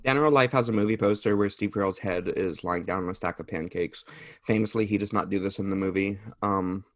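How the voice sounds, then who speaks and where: A man's voice: low voice, a little fast, dry recording, studio quality. A man chatting as a podcast guest, rambling and self-deprecating, laughing often. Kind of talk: casual chat.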